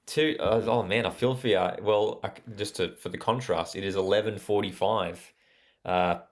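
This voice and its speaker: A man's voice: fairly low pitch, steady tone, normal speed, a little hiss or hum. A young Australian man hosting a live football watchalong, chatting casually and reading out viewer comments with plenty of fillers. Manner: chatty, reads out live chat, frequent fillers. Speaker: watchalong host.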